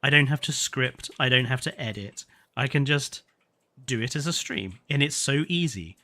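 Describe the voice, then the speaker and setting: Young guy streaming, bright voice, chatty n laughy, kinda tired. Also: mid-range voice, normal speed. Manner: chatty, laughs often, stumbles over names. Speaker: gaming streamer. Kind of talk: casual live-stream chat.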